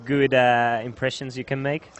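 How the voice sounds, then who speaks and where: A man's voice: medium pitch, level tone, moderate pace. A man doing live poker tournament commentary, friendly and prompting his co-host with questions.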